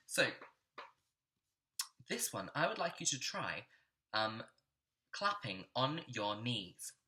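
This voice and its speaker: Bright, lively male music teacher. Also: mid-range voice, slow. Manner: encouraging, clear teacherly explaining; claps and chants rhythms aloud. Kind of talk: recorded online music lesson.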